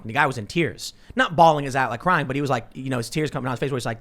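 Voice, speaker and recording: A man hosting a political talk show, telling stories in an animated, self-interrupting way. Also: medium pitch, racing, few pauses. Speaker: podcast host.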